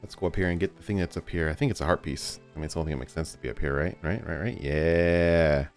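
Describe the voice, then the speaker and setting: Low-voiced excitable gamer man. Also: quick pace, faint music behind. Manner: excitable, talks to the game, swears casually. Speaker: let's play host. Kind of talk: gameplay commentary.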